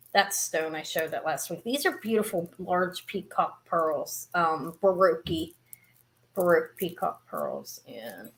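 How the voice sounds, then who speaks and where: A woman's voice: on the high side, fairly bright tone. Chatty woman running a live auction. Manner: chatty, rambling, with fillers and asides. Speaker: live jewelry auction seller. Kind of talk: casual live-stream selling chat.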